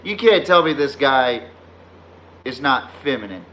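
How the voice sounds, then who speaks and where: A man's voice: mid-range voice, big pitch swings, measured pace, long pauses, a bit bright. A man hosting a sports podcast stream, ranting heatedly with heavy profanity and trash-talking chat commenters, often laughing at his own jabs. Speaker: podcast host. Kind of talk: live-streamed sports rant.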